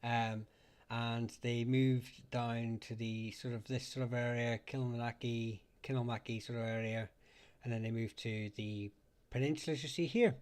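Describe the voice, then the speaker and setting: A man's voice: mid-range voice, fairly even intonation, normal speed, darkish tone, smooth. Chatty Northern Irish man. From Northern Ireland. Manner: rambling, chatty, laughs often. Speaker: livestream host. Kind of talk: casual live chat.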